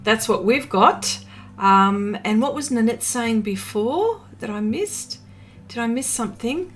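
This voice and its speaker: A woman's voice: fairly high pitch, animated, unhurried, fairly bright tone, faint music behind. An Australian woman hosting a live art stream, chatting casually and reading out viewer comments, with many fillers and small laughs.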